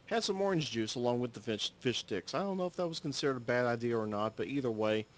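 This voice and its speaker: Man, solo host, casual storytelling, mid-pitched, rambling, self-correcting, swears now and then. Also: fast. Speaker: solo podcaster. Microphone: audio-only recording, no camera.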